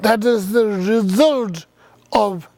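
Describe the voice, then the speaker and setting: A man giving a slow, halting dharma talk as a Buddhist teacher, with thoughtful pauses and non-native English phrasing. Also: high-pitched, a little mellow, no echo.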